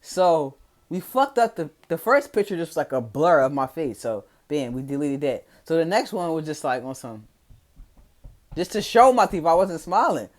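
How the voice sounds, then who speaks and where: A man's voice: on the high side, very animated, normal speed. A young man with a Philadelphia accent telling a casual, profane, slang-heavy story to his followers. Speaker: vlogger.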